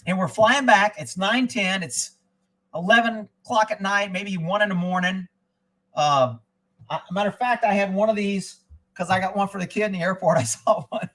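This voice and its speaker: A man hosting a live chat stream, spinning long, digressive anecdotes in a blunt, profane way. His voice sits high and bright with a sharp edge. He speaks casually, as if chatting to regulars. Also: poor audio. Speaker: former child abduction investigator. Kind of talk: casual rambling storytelling.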